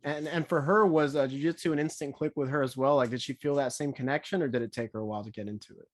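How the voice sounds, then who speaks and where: A man co-hosting a podcast, asking quick follow-up questions in casual chat. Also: mid-range voice, fairly even intonation, no room sound, clean studio sound. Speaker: podcast co-host.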